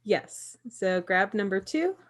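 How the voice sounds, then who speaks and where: A woman with a mid-pitched, everyday voice who keeps things moving. She guides her friends through a tabletop game on a livestream, upbeat and chatty. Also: big pitch swings, takes it slowly. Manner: upbeat, guiding others along. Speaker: game organizer.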